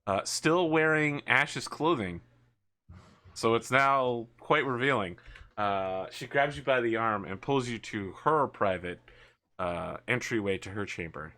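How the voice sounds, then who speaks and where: A man narrating as game master in a tabletop game, relaxed and filler-laden. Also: medium pitch, measured pace.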